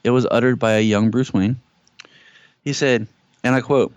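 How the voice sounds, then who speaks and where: In a dry, lo-fi recording with a dull sound, a man co-hosting a TV review podcast speaks at medium pitch with fairly even intonation and moderate pace. He keeps it casual and jokey, performing quotes loudly.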